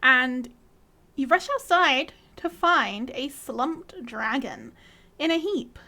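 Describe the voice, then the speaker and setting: A woman narrating a fantasy scene as game master, measured and descriptive. Her voice is bright and fairly high. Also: big pitch swings. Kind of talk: scripted narration of a tabletop game.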